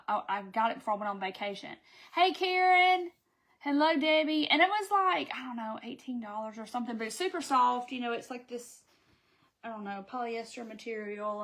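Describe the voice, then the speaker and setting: Woman, high-pitched, chatty craft live host, laughs a lot, home craft room. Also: a bit bright. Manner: chatty, greets viewers by name, laughs often. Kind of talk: casual live stream chat.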